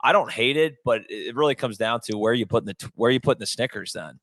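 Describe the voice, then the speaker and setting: A man's voice: medium pitch, quick pace, a bit bright, dry recording, studio quality. A man co-hosting a casual sports podcast, talking in a laid-back, rambling way with lots of fillers. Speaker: podcast co-host.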